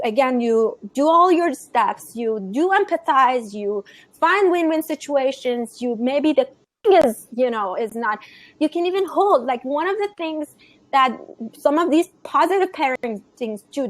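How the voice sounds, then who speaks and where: High-voiced earnest woman giving parenting advice. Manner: earnest, emphatic, restarts often, many repeated phrases. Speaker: conscious parenting guest expert. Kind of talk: explaining parenting advice in a conversation.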